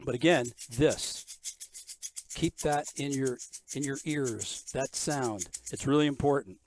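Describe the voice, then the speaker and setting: A man's voice: medium pitch, takes it slowly, background noise. An older man giving a drum lesson, explaining ideas step by step and counting beats aloud. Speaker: drum teacher. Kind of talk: drum clinic instruction. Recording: music from the drum kit in the background.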